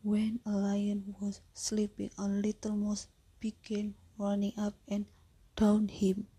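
A woman with an Indonesian accent tells a children's fable at an unhurried pace. Her voice is mellow and breathy, close to hushed at times, and the dry room adds no echo. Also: medium pitch, monotone. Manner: soft, hushed and slow. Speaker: storyteller. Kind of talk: slow storybook reading.

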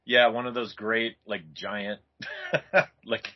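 A man co-hosting a casual comic book podcast, relaxed and agreeable, often laughing. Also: on the low side, slow pace. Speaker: podcast co-host. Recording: dull, lo-fi podcast audio.

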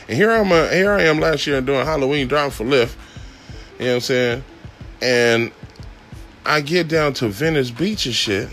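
A man telling a long story in a casual, laid-back way, full of swearing and laughter, his voice jumping up whenever he gets excited. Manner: profane, laid-back, laughs often, pitch jumps when excited. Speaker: podcast host telling a driving story.

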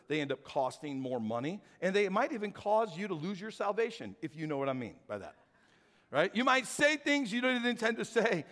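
A man preaching a sermon as pastor, telling stories with acted-out dialogue. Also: high-pitched. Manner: animated storytelling, acts out dialogue. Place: church sanctuary. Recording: hall reverb from church sanctuary.

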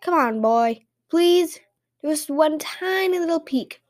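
A raspy goblin man from the mountains, pushy and coaxing, his voice sitting high rather than gruff, as a woman puts him on for a storybook reading. He wheedles and insists without letting up. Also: animated, takes it slowly.

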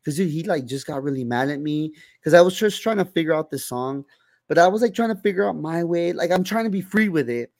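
A young man with a gravelly, fry-edged voice chats casually as a podcast co-host. He talks loosely and swears a lot, full of "like" and "you know". The sound is dry and close. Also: on the high side, lively intonation, quick pace, dry recording. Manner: loose, heavy swearing, many fillers and restarts. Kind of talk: casual chat.

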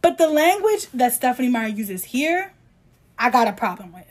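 A woman's voice: a little high, big pitch swings. A woman co-hosting a casual podcast chat, ranting in a heated, emphatic way and reading quotes aloud in mock voices. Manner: heated, emphatic, rapid ranting with apologies for shouting. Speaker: podcast co-host.

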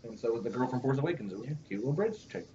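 A man's voice: medium pitch, lively intonation, racing, dark tone, a little hiss or hum. A man co-hosting a casual podcast, teasing and jokey. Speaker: podcast co-host. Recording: echoey, dull lo-fi room recording.

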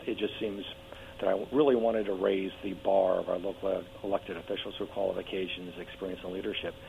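A man with a very low, gravelly voice speaks eagerly in a radio interview, stumbling over restarts and fillers. He is hoarse, losing his voice. The call comes through a tinny phone line with a faint hum behind it. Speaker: political candidate guest.

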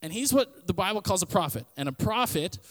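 A man's voice: high-pitched, expressive, a little fast, big-room sound. A male podcast host giving a casual Bible teaching, telling stories and retelling scripture in everyday slang. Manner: conversational, storytelling, paraphrases scripture in everyday slang.

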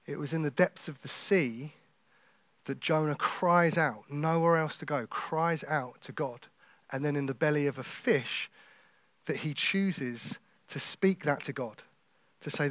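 Preacher guy, kinda high voice, jokey then quiet and intense, dry mic. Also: unhurried, dry recording. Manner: conversational and joking, with quiet intense stretches. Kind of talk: sermon.

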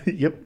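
A man co-hosting a podcast who talks slowly and unhurriedly. He teases his partner and laughs easily, and the whole exchange stays casual and playful. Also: warm tone. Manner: giggly, teasing. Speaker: podcast co-host. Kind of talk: casual comedic chat.

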